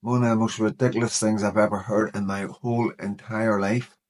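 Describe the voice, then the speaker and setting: A man's voice: fairly low pitch, little pitch movement, fairly quick, darkish tone. A man in his fifties talking straight to camera in a personal commentary vlog, earnest and worried, often saying "you know". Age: 50s. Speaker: vlogger.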